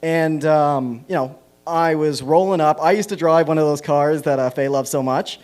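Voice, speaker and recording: Canadian guy doing open mic standup, kinda high voice, rambly and self-deprecating, stage mic. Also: normal speed, a little mellow. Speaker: stand-up comedian. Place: small comedy venue on stage.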